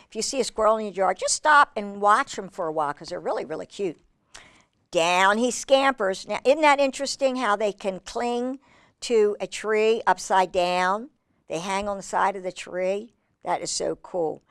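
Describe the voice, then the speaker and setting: A woman reading a picture book aloud to children, animated and exclamatory with chatty asides. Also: mid-range voice, smooth, no echo, clean studio sound. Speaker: children's storyteller.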